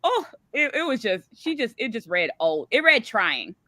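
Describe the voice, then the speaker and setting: Blunt, animated woman caller. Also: on the high side, normal speed, no echo. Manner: animated, blunt, acts out quotes. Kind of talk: casual opinionated chat.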